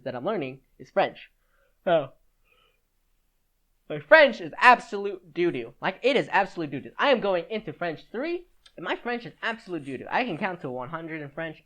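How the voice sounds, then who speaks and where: A man's voice: fairly high pitch, pushed and bright. A teenage boy hosting a solo podcast in a rambling, casual chat, full of fillers and restarts. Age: teens. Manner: rambling, chatty, with many "like"s and restarts. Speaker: podcast host.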